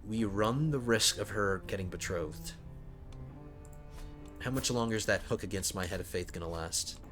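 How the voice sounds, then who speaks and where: Over soft background music, a man gives casual commentary on a strategy game let's play, reasoning aloud and tripping over his words often. He speaks at normal speed in a fairly low, slightly bright voice.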